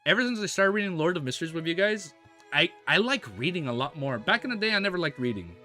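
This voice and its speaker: An American man streaming, who reads a novel aloud and breaks off for laid-back, excitable chat full of slang. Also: sits high, fast talker, faint music behind. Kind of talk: reading a novel aloud on a livestream, casual chat.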